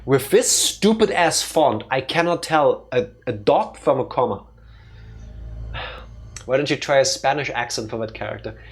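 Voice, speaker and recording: A man's voice: medium pitch, animated, measured pace, husky. A young man streaming a let's play, joking wryly and rambling with frequent restarts. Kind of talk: casual gameplay commentary.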